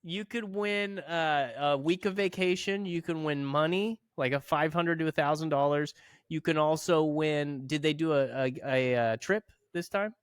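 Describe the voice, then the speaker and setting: A man's voice: on the high side, normal speed, clean tone, no echo, studio quality. A man co-hosting a podcast in casual chat, joking, swearing and laughing a lot. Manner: profane, jokey, laughs often. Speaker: podcast co-host.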